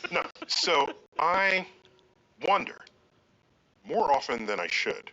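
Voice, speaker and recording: A man's voice: on the high side, sing-song, slow pace, bright, forceful tone. A man in a casual chat, musing aloud with a string of questions. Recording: dull lo-fi sound.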